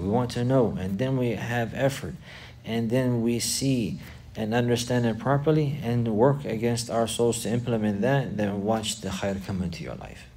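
A man's voice: on the low side, darkish tone, a little hiss or hum. A man teaching a religious class, repeating key phrases for emphasis and putting questions to his students. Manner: quizzes the class.

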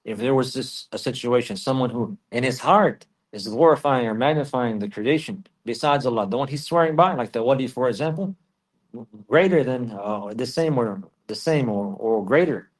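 A man giving a religious lesson, explaining in a measured way and repeating key phrases for emphasis. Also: mid-range voice. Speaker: religious teacher.

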